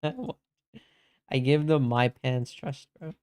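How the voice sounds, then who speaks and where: A man's voice: mid-range voice, sing-song, extremely slow, a little mellow, clean tone. A young man streaming games, chatting casually with his chat and reading messages aloud, laid-back and saying "bro" a lot. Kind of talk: casual live-stream chat while gaming.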